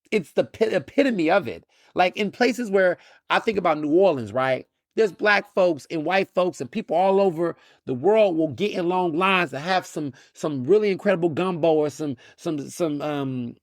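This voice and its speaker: A Texan man hosts a podcast of opinionated solo commentary, animated and sardonic with mocking asides, often restarting and repeating words. His voice is high-pitched, and the clean studio sound carries no room echo.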